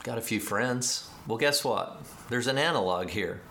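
A man preaching a sermon, telling a story with animated, acted-out dialogue and excited emphasis. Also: medium pitch, unhurried, creaky, a little hiss or hum. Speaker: pastor.

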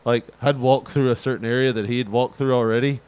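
A middle-aged man chatting casually, rambling with fillers and jumping into animated quoted voices. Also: fast talker, smooth. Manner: animated storyteller, jumps into high-pitched quoted voices; rambling, many fillers and restarts. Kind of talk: casual chat.

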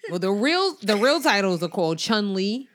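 A woman co-hosting a casual music chat, animated and slangy, often repeating herself. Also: mid-range voice, moderate pace. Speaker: podcast co-host.

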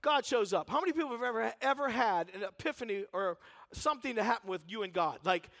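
Male preacher, very high voice, animated storyteller working the room. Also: quick pace. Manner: animated, storytelling, asks the crowd questions. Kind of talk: sermon.

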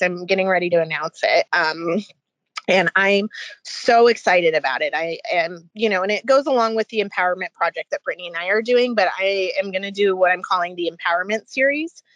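An enthusiastic woman being interviewed on a podcast, with a voice of middling pitch. Her speech is full of fillers and quick restarts. The recording is dry and close, with no room sound. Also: fairly bright tone, dry recording. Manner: enthusiastic, talks fast with many fillers. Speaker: guest. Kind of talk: casual podcast conversation.

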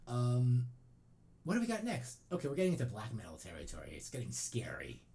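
Animated joking male podcast host. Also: mid-range voice, a little fast, gravelly. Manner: joking, opinionated, lots of jokey asides. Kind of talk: casual chat.

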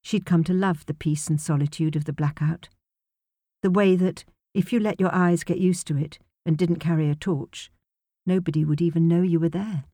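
Female audiobook narrator, lowish mellow voice, measured delivery, dry studio sound. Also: steady tone, no echo. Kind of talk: scripted narration.

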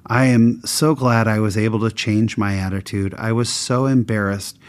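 A man's voice: fairly even intonation, moderate pace. A man sharing a personal anecdote with a moral lesson, in a candid, conversational and self-mocking way. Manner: voices the people in his story with big pitch swings.

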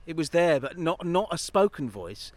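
A man with a high-pitched voice explains things in a rambling, playful way. He is chatting outdoors in a city park. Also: big pitch swings, normal speed, dry recording. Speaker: co-host, guide of the walk. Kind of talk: casual outdoor walking chat.

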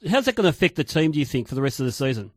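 A man's voice: medium pitch, big pitch swings, very fast, dry recording, clean studio sound. A man, a football pundit on a sports radio talk show, opinionated and prone to repeating his point over the others.

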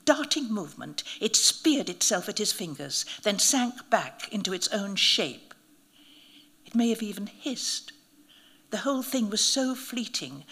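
A woman reading a first-person story aloud, in measured, vivid audiobook narration. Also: medium pitch, fairly bright tone.

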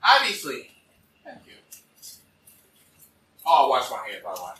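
A man's voice: medium pitch, wildly swooping pitch, measured pace, sharp tone, far from the mic. A man, co-hosting a casual show and teasing his friends with plenty of swearing. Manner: brash, teasing, swears freely. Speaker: show co-host. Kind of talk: casual joking chat. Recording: roomy, off-mic with background hiss.

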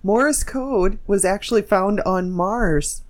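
A woman's voice: mid-range voice, slow pace. A woman co-hosting a comedy podcast, reading out a news story in a dry, teasing way. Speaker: podcast co-host.

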